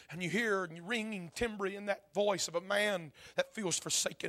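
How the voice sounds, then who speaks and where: A man preaching a sermon with impassioned delivery, dropping to hushed tones and building to shouts. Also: high voice, steady tone, moderate pace, few pauses.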